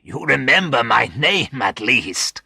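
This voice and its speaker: A man reading a story aloud and voicing a friendly, worried male friend who asks warm, anxious questions. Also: low-pitched, wildly swooping pitch, slow pace, creaky, slightly rough, no room sound, studio quality, full character voice. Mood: concerned.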